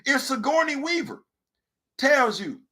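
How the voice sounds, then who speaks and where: A man hosting a talk show and telling a comedic story in an animated way, swinging from low mutters to loud outbursts and repeating phrases for emphasis. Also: unhurried, slight background noise. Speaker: podcast host.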